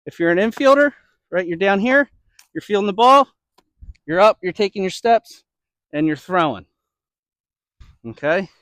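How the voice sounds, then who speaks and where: A man's voice: high-pitched, animated, moderate pace, pauses often, fairly bright tone, no room sound, studio quality. A man coaching baseball throwing drills, checking in often with "okay?" and a little out of breath. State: slightly out of breath. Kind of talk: instructional demo.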